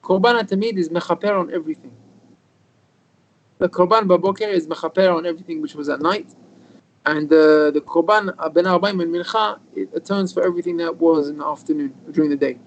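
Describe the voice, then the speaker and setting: Rabbi teaching by video call. Lively storyteller who acts out dialogue. Raised voice with a rough, fry-edged texture and faint hiss behind. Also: male voice, on the high side, brisk, poor audio. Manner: animated storyteller, acts out quoted dialogue, mixes in Hebrew terms. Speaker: rabbi teaching a weekly Torah lesson. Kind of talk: informal Torah lesson with storytelling.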